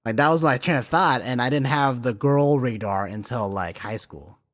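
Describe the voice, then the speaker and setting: Speaking at normal speed in a medium pitch, a thirtysomething man hosts a podcast from a large hall. His storytelling chat is loose and profane, animated, laced with laughter and filler words.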